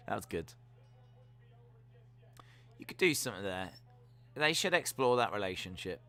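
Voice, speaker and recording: A man giving jokey live reactions while watching a wrestling show, now and then letting out sudden loud yells. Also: lowish voice, big pitch swings, normal speed, long pauses, faint music behind. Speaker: wrestling watch-along streamer.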